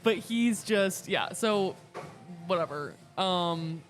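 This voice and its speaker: A woman's voice: on the low side, slow, soft background music. A young adult woman co-hosting a casual podcast chat, rambling and peppering her talk with fillers. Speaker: podcast co-host.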